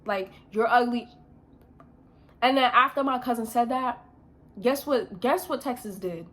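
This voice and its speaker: Young woman, vlogger, blunt slangy storytime, bright sharp tone. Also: a little high, normal speed. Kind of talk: casual storytime rant.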